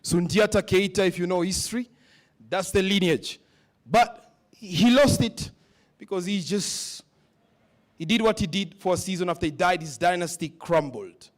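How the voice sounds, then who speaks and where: A man's voice: high voice, moderate pace. A man speaking at a leadership summit, giving a motivational speech that repeats questions to the audience. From West Africa. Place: conference hall.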